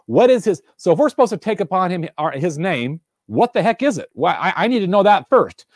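Earnest, animated man for a livestream devotional, slightly high voice, dry close sound, repeats questions and reads viewer answers aloud. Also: fairly quick, dry recording. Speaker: fireside speaker. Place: indoors room, alone.

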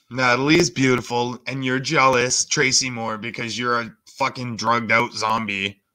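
A man's voice: medium pitch, steady tone, takes it slowly, vocal fry, sharp tone. Sarcastic man hosting reaction commentary. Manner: sarcastic and mocking. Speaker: reaction channel host.

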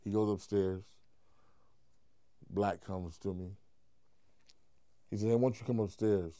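A man, a comedian, telling an animated, profane story in an interview, mimicking the people he quotes. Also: measured pace, no room sound, clean studio sound. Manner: profane, acts out quotes in high voices, laughs while telling.

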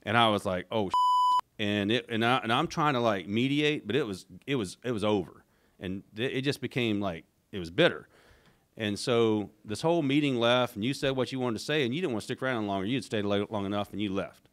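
A man's voice: lowish voice, fairly quick, a bit bright. A middle-aged man as a podcast guest, telling a long story in a rambling way, with frequent restarts and acted-out quotes. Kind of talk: casual storytelling interview.

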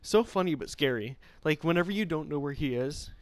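A young man giving casual, excitable gaming commentary, pleading and yelping in bursts. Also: fairly high pitch, fairly quick, no echo. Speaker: gamer.

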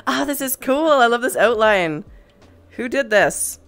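A woman's voice: a little high, animated, a little slow, a bit bright. A young woman hosting a gaming stream, chatting casually, laughing often and reading chat aloud over a headset mic. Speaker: streamer host.

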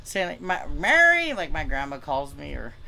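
A man's voice: fairly high pitch, huge pitch swings, moderate pace, creaky, pushed and bright. A young man from California doing a stand-up set over a video call, rambling and self-deprecating with many stammered restarts. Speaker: stand-up comic.

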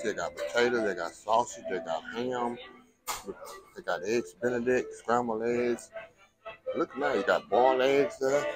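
A man's voice: medium pitch, poor audio. A middle-aged man, chatting casually to viewers as he walks around a cruise ship with a handheld camera. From Texas. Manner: chatty, addresses viewers as y'all. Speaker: food vlogger. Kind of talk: casual vlog narration. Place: aboard a cruise ship, walking the decks.

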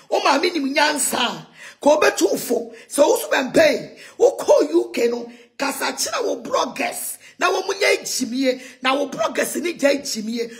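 A Ghanaian woman ranting heatedly in a mocking tone, shouting insults and laughing between lines. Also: high voice. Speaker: self-styled prophetess ranting on video. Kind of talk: heated rant in Twi and English.

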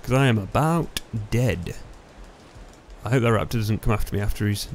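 A man commentating his own gameplay, excitable and yelling at setbacks, his voice going hoarse on a close, loud mic. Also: on the low side, normal speed, a little hiss or hum. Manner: excitable, yelling when dying in game. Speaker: gaming YouTuber. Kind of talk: let's play commentary. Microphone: close headset or desk mic, loud. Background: faint background music.

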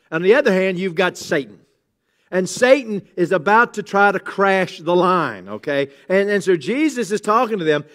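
A middle-aged man, a pastor, giving a sermon in a conversational way, with humorous asides and emphatic exclamations. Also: high-pitched.

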